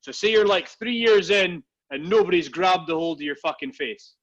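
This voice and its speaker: A man's voice: sits high, lively intonation, moderate pace, fairly bright tone, highs cut off. A man co-hosting a casual podcast, rambling and swearing as he tells stories. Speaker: podcast co-host. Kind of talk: casual banter.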